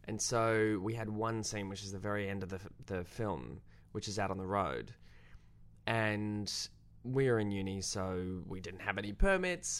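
In casual conversation, a young Australian man who is a guest filmmaker tells a story. He pokes fun at himself, stays animated, and shifts his pitch up when quoting people.

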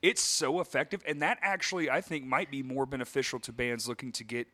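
A man co-hosting a casual podcast, swearing freely and telling lively stories about bands. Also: mid-range voice, a little fast. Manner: profane, animated, acts out quoted voices. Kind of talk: casual chat, storytelling.

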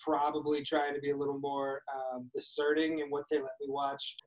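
A man's voice: medium pitch, monotone, normal speed, low-quality recording. A man co-hosting a casual chat, talking at length and reflecting on his points.

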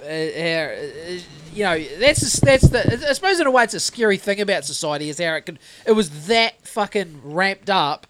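A man's voice: high-pitched, lively intonation, noisy background. A man co-hosting a podcast, chiming in often and restarting his sentences in casual chat. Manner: frequent "yep" backchannel, halting restarts. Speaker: podcast co-host.

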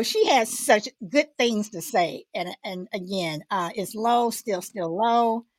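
A woman's voice: a little high, slow pace, few pauses, no room sound, studio quality. A woman hosting a casual live audio chat, talking in a rambling way with lots of fillers and restarts. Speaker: host.

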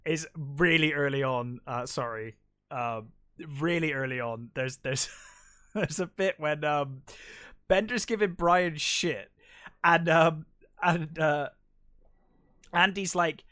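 A man in a casual film chat, talking in a relaxed, hesitant way. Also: on the high side, slow, pauses often.

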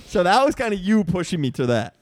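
A man's voice: high-pitched, fairly bright tone, dry recording, clean studio sound. A man co-hosting a comedy podcast, goofy and laughing often. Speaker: podcast co-host. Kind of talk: casual comedy chat.

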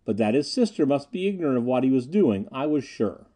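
A man reads an old adventure story aloud, expressive and measured. His voice is very dark and mellow, with a lively, rolling melody. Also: mid-range voice. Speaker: audiobook narrator. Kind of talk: scripted audiobook narration.

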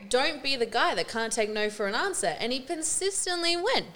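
An Australian woman co-hosting a podcast, telling work stories in lively, swearing casual chat and acting out what people said. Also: high-pitched, moderate pace. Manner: animated storytelling, swearing freely, acting out quotes. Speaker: podcast co-host.

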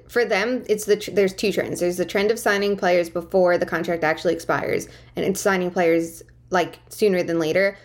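Enthusiastic woman podcast analyst. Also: on the low side. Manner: enthusiastic, rapid, many fillers. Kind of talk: casual chat. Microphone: remote call setup.

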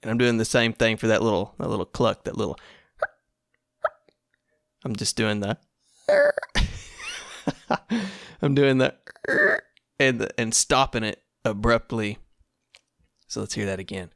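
A man's voice: fairly low pitch, fairly even intonation, moderate pace, creaky, long pauses, a bit bright, dry recording, clean studio sound. A man hosting a casual solo podcast in a laid-back, rambling, self-amused way. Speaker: podcast host.

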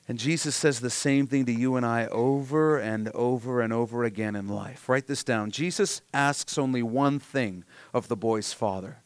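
A man preaching a sermon, swinging from hushed, near-whispered lines to loud, emphatic passages. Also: medium pitch, moderate pace, dry recording. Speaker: pastor.

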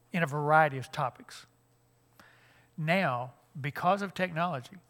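Bright-voiced older man, folksy. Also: fairly high pitch. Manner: folksy, joking, frequent restarts. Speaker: church conference speaker. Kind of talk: humorous seminar talk.

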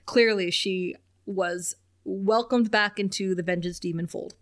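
A woman's voice: mid-range voice, unhurried. A young woman co-hosting a podcast, recapping an episode in casual chat and laughing often. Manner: animated, laughs often, reads quotes in lively voices. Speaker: podcast co-host.

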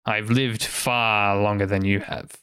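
A man's voice: on the low side, little pitch movement, unhurried, sharp tone, smooth. A man voicing an ancient, secretive male vampire advisor who talks slyly and condescendingly. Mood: mocking.

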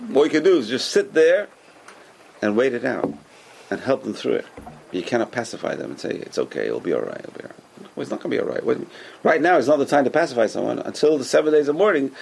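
A man teaching a Torah class as a rabbi, animated and repetitive, who keeps asking rhetorical questions and answering them himself. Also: medium pitch, fast, creaky, slight background noise.

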